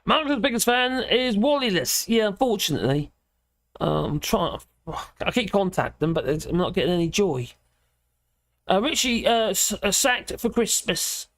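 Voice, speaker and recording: Lively high-voiced man chatting. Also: normal speed, no echo, clean studio sound. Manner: rambling, chatty, opinionated. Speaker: livestream host. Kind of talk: casual livestream chat reading viewer comments.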